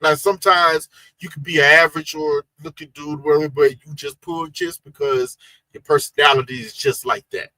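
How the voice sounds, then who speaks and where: A man co-hosting a reality TV recap chat, animated, emphatic and full of slang. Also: on the high side, brisk, no room sound, rough recording. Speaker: co-host of a reality TV recap show. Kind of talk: casual chat.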